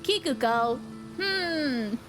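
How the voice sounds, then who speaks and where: A woman streamer giving casual, excitable game commentary, rambling and cursing now and then. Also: high-pitched, extremely slow, music in the background.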